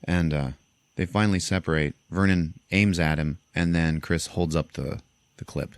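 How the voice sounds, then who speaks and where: On his casual podcast, a deep-voiced young man retells a film scene by scene, animated and loose, with high character voices thrown in. He keeps a steady, clear, resonant tone at a moderate pace, and the close, dry recording has no room sound.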